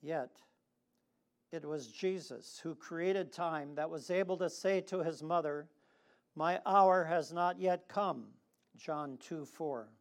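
A male preacher delivers a sermon at an unhurried, deliberate pace, letting long pauses hang between phrases. His voice sits slightly higher than most men's. Now and then he calls on the congregation to repeat a line with him. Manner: leads the congregation in responsive reading.

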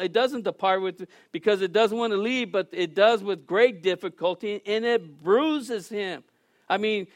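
A man with a high, light voice preaches a sermon to his congregation. He swells into loud, pleading emphasis and then eases back to calmer teaching. The sound is dry and close, with little room echo. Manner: preaching with rising emphasis, shouting at peaks. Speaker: pastor.

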